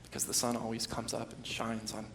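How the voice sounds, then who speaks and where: Impassioned pastor in an echoey hall. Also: male voice, mid-range voice, completely flat delivery, brisk, a little hiss or hum. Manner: swings from hushed storytelling to loud impassioned emphasis. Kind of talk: sermon. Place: church sanctuary.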